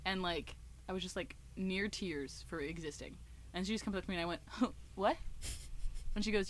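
A woman co-hosting a podcast, telling a story from her old job in a casual, animated way, with lots of "like" and laughter. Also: lowish voice, moderate pace, a little hiss or hum. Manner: animated, laughing, swearing, filler-heavy. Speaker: podcast co-host.

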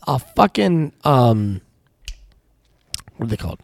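A man swaps profane work stories on a casual podcast, ranting with plenty of swearing. His voice sits in a middle pitch. The sound is dry and close. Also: very animated, takes it slowly, gravelly, dry recording. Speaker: podcast co-host; tire shop worker.

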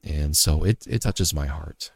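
A man's voice: very deep voice, expressive, unhurried, creaky, dry recording. A man sharing a personal story as a father in an earnest, repetitive, reflective motivational faith talk.

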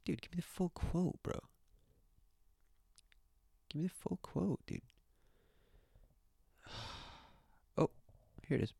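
A young man streams a casual rant into his desk mic, swearing and repeating himself. His voice is gravelly and his pitch swings widely, and he drops into whispers now and then. The sound is dry and close. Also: expressive, slow pace, long pauses, mellow, no echo. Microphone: own desk mic.

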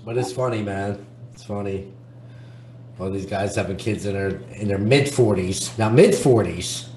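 A man's voice: on the low side, measured pace, warm tone. A man in casual chat who laughs often between his remarks. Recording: echoey room with faint noise.

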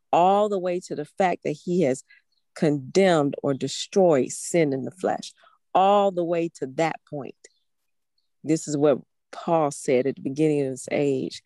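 A woman's voice: low voice, mellow, dry recording. A woman preaching a sermon in a fervent, emphatic way, repeating phrases for stress. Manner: fervent, emphatic, with emotional laughs.

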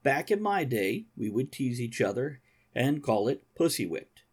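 A man's voice: mid-range voice, big pitch swings, measured pace, breathy edge. A man co-hosting a casual chat show, joking and laughing often. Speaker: co-host.

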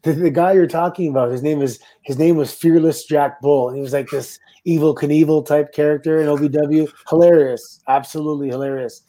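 A middle-aged Canadian man, a former wrestler, telling relaxed anecdotes with laughs as a guest. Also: a little high, brisk, few pauses. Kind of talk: casual storytelling.

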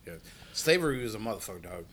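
A man's voice: fairly low pitch, very animated, quick pace, a crowd in the background. A man in a casual podcast chat, slangy and assertive, calling others dog and bro.

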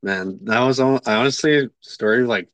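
A man hosting a podcast, talking earnestly and haltingly in casual chat. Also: medium pitch, dry recording. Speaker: podcast host. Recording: dry, dull lo-fi audio.

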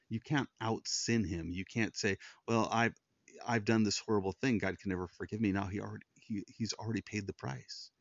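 Earnest low-voiced man, dull dry sound. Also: vocal fry, no room sound. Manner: earnest, repeats words and restarts when moved. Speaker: Christian podcast host. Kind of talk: earnest personal monologue.

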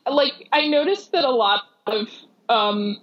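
A woman's voice: on the high side, animated, a little slow, dull audio. A woman casually discussing movies, chatty, laughing often and restarting her sentences.

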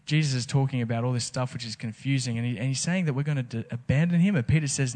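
A man's voice: mid-range voice, fast talker, few pauses, a little mellow. A man preaching a casual, conversational sermon, full of rhetorical questions. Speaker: pastor.

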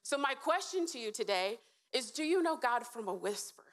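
A woman's voice: on the high side, big pitch swings, moderate pace. A woman giving a short, earnest sermon to a live audience, asking them questions and encouraging them. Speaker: speaker at a church event.

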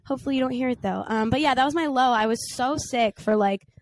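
A woman's voice: high voice, fast talker, a little hiss or hum. A woman in her twenties co-hosting a podcast, chatting playfully while her voice is still recovering from a cold. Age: 20s. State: recovering from a cold, voice not fully back. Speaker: podcast co-host. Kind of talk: casual chat.

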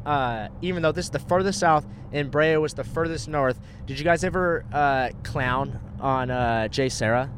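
Brief: young SoCal-raised guy, lively storyteller, heavy on "bro" and "dude", faint road noise. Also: fairly high pitch, normal speed, few pauses. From Southern California. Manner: animated, swearing, says "bro" and "dude", laughs often. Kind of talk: casual storytelling to a friend. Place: inside a moving car.

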